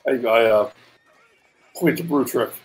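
A man's voice: medium pitch, measured pace, faint music behind, rough recording. A man with an ordinary mid-range voice plays a tabletop game over an online call. He narrates his character's moves and often trips over the first word, repeating it. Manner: stammers on restarts, narrates his character's actions. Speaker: player. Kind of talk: casual tabletop play.

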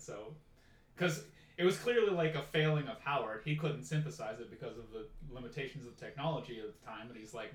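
A man's voice: mid-range voice, lively intonation, a little fast, distant mic. A man co-hosting a casual podcast chat, retelling scenes with animation and laughing often. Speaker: podcast co-host. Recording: echoey room, off-mic.

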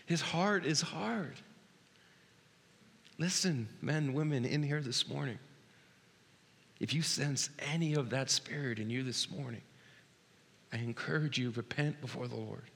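A man in his thirties preaching a sermon as pastor, earnest, dropping to a hush and then rising loud and excited. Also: mid-range voice, measured pace, vocal fry, pauses often, husky. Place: church sanctuary. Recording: long hall reverb.

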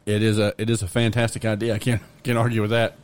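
Lowish voiced guy hosting a pod, jokey and rambly. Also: flat delivery, fast, no echo. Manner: jokey, rambling, playful asides. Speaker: podcast host. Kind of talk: casual chat.

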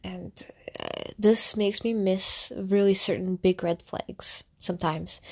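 A woman's voice: mid-range voice, expressive, unhurried. A young woman, a content creator, telling a candid personal story in a casual, rambling way, full of fillers and restarts. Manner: candid and reflective.

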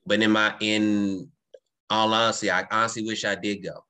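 A woman's voice: extremely low pitch, little pitch movement, moderate pace, pushed and bright, smooth. A woman hosting a podcast interview, speaking emphatically and giving frequent affirmations. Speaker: podcast host. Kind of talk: casual interview conversation.

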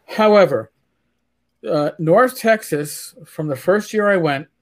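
A man from New York hosting a casual podcast chat, stumbling through restarts as he tells animated stories. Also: high-pitched, takes it slowly. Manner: stammering restarts, animated storytelling. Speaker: podcast host.

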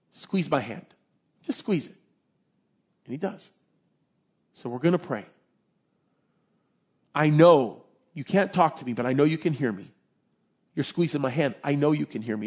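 A man's voice: a little high, a little mellow, slightly rough, dull audio. A man preaching a sermon as pastor, impassioned and conversational, often asking his listeners to agree.

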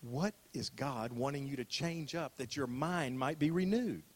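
A man's voice: mid-range voice, a little slow. An older man preaching a sermon as a pastor, talking in a conversational way, repeating phrases and asking rhetorical questions.

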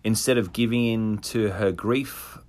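Male podcast host, lower pitch, reading a story in a casual chat. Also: measured pace, darkish tone. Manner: reads narration with laughs and asides.

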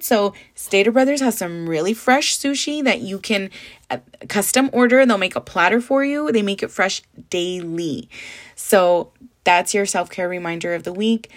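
Young woman doing a solo podcast, blunt and chatty, swears a lot, drops spanish words, medium voice. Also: mid-range voice. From Southern California desert. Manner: candid, chatty, swears freely, code-switches to Spanish. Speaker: podcast host. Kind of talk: casual solo podcast chat.

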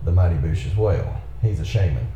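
Deep, giggly man in an echoey room. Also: animated, brisk, warm tone. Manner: giggly, rambling, restarts mid-thought. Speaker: podcast co-host. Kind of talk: casual movie commentary chat. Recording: echoey room with faint background noise.

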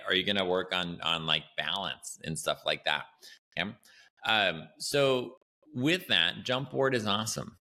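A man hosting an educational podcast, talking casually and animatedly as he explains training ideas, often checking in with "right?". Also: low-pitched. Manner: animated and chatty, often tags lines with "right?". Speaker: podcast host and Pilates educator.

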